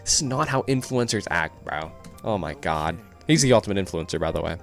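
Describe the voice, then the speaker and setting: Male YouTuber, fairly low voice, relaxed and crude let's-play asides. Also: fairly quick, gravelly, faint music behind. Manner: casual, profane, joking asides. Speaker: gaming YouTuber. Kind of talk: let's-play commentary reading a visual novel aloud.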